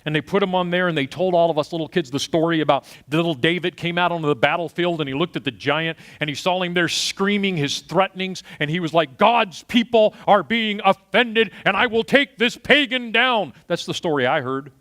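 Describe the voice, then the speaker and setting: A middle-aged pastor from Texas preaching a sermon, swinging between loud punchy asides and quiet storytelling. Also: male voice, on the high side, quick pace, few pauses.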